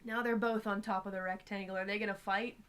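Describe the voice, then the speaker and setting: A woman hosting a relaxed live stream from home, chatting casually, laughing often and cooing at her cat. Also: medium pitch, fast talker, smooth. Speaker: livestream host. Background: faint background music.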